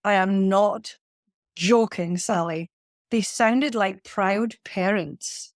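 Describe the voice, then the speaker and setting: A woman, a leadership coach telling a lively workplace anecdote as a podcast guest. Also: mid-range voice, slow, dry recording, studio quality. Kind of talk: conversational storytelling.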